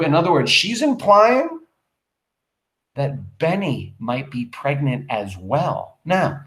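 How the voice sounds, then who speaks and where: A man's voice: fairly high pitch, slow, roomy sound, poor audio. Emphatic man teaching a play. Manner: animated, emphatic, rhetorical questions. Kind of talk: reading a play aloud and explaining it to students.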